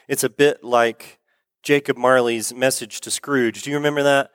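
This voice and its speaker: A man's voice: mid-range voice, steady tone, moderate pace, clear, resonant tone, dry recording, studio quality. A man preaching a sermon in a conversational, storytelling way, asking the listeners questions.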